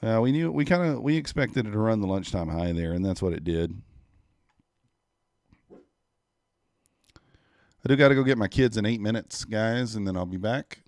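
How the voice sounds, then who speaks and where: A man in his thirties talks in a low, laid-back way on a live trading stream, greeting chat viewers between trades. His voice sits close and dry on a desk mic, with no room sound around it. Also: animated, moderate pace, long pauses, darkish tone, no echo. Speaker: livestream day trader. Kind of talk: casual live-stream commentary.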